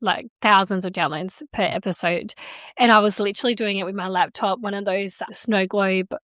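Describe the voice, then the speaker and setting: A woman's voice: mid-range voice, steady tone, moderate pace, a bit bright, no echo, clean studio sound. A woman hosting a podcast, chatty and supportive in casual conversation. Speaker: podcast host.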